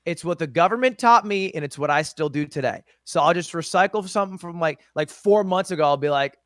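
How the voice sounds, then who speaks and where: A man's voice: fairly high pitch, a little fast, hardly any pauses, no room sound, studio quality. A young man chatting casually as a streamer guest in an interview, rambling and swearing with self-mocking asides.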